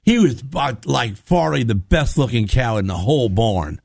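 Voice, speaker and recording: A man telling an animated story on a radio talk show, acting out the voices of the people in it. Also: medium pitch, moderate pace, vocal fry, no echo, studio quality. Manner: animated storyteller, acts out quotes.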